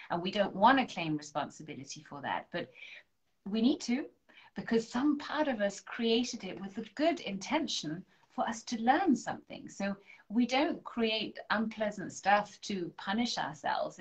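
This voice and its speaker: Speaking in a mid-range voice, a female spiritual coach leads a live-streamed angel card reading, saying affirmations aloud and offering her viewers gentle encouragement.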